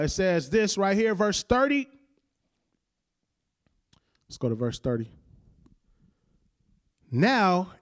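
A man with a notably high-pitched voice preaches a sermon in a loose, conversational way. He slows down and sinks his voice on the lines he wants to land, and he calls on his listeners to say phrases back to him. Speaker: pastor.

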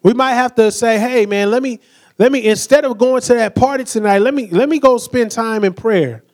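A man's voice: extremely high pitch, moderate pace, a little mellow. A young man preaching a sermon with energy, acting out quoted voices and asking the crowd to say words back.

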